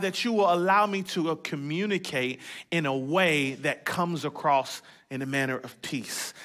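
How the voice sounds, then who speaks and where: A man's voice: on the high side, sharp tone. A man pastor preaching a sermon, praying aloud in short emphatic phrases and mixing in humor and repetition.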